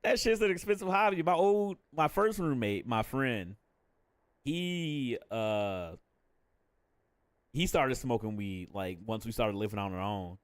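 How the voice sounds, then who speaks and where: A man's voice: lowish voice, lively intonation, slow pace, smooth, no room sound. A young adult man casually chatting on a live stream, candid and profane, laughing often between thoughts.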